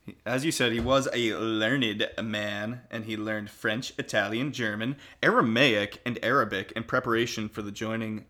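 A man co-hosting a podcast, relaying notes with dry, deadpan quips in casual chat. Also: lowish voice, normal speed, a little hiss or hum. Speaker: podcast co-host.

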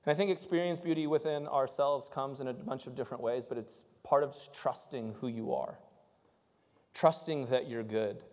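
A male pastor delivers a conversational sermon in a mid-range voice at normal speed, shifting between loud, impassioned passages and soft, intimate ones. The sound carries the echo of a big room.

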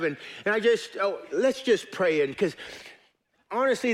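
A man preaching a sermon in church, folksy and joking but earnest. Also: high-pitched. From United States. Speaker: pastor.

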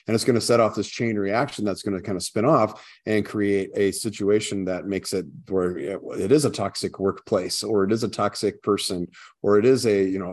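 A man co-hosting a workplace talk, explaining his point in a steady, measured way. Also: on the low side. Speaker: podcast co-host. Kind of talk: casual conversational discussion.

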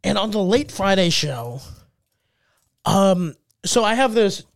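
A man's voice: sits high, expressive, slow, gravelly, no room sound, studio quality. A young man co-hosting a comedy podcast, a rambling storyteller who laughs often and acts out what others said. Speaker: podcast co-host and stand-up comedian. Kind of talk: casual comedic podcast chat.

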